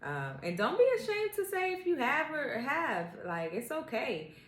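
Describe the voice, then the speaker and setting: A young woman co-hosting a casual podcast chat, relaxed with lots of fillers and restarts. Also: high-pitched, normal speed, roomy sound, poor audio. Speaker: podcast co-host.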